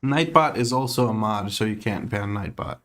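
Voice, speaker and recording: A man's voice: fairly low pitch, normal speed, fairly bright tone. A man streaming from home, chatting casually with his audience, laid-back and laughing often as he reads chat aloud.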